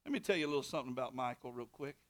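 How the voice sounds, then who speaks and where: A man preaching a sermon, with rising shouted bursts and call-and-response to the congregation. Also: mid-range voice, lively intonation, racing. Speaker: pastor.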